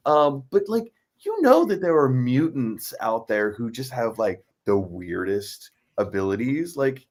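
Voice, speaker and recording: A man from Western Pennsylvania chats with a friend in a loose, rambling way. He hesitates and fills the gaps. His voice sits at a middle pitch. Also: big pitch swings, measured pace, a little mellow. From Western Pennsylvania, United States. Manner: rambling, hesitant, uses lots of fillers. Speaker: co-host friend. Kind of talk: casual conversation.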